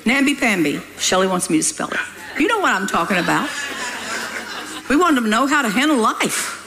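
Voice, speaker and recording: A woman's voice: on the high side, very animated, a little fast, a crowd in the background. An older woman preaching a sermon in a folksy, scolding way, often laughing as she talks. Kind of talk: sermon with read-aloud testimony.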